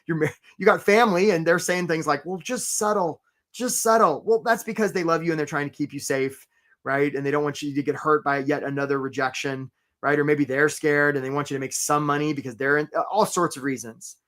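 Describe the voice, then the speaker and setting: A man's voice: fairly high pitch, fairly even intonation, a little fast, fairly bright tone. Guy hosting a live job-search webinar, chatty and upbeat, calls out attendees by name, lots of "right?". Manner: upbeat and conversational, greets attendees by name, keeps asking "right?". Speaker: webinar host and career coach.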